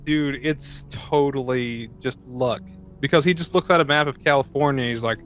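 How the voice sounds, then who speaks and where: A man's voice: mid-range voice, normal speed, a bit bright, soft background music. A man co-hosting a podcast, joking and swearing freely as he acts out scenes. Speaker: podcast co-host. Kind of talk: casual chat.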